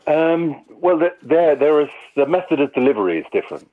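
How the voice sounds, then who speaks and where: A man's voice: on the high side, very animated, a little fast. A male actor answering interview questions in a thoughtful, rambling way, with many restarts. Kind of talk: conversational interview. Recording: tinny phone-like line.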